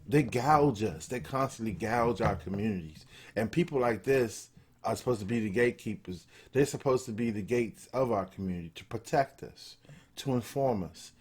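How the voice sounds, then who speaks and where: A man delivering a casual commentary rant in a low, husky voice. He is blunt and profane. He drives home each point by repeating it. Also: a little mellow. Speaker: political commentator.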